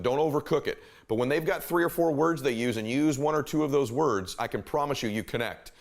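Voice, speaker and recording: A man giving a motivational talk, speaking emphatically, repeating his key phrases and shifting his pace and volume to make a point. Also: mid-range voice.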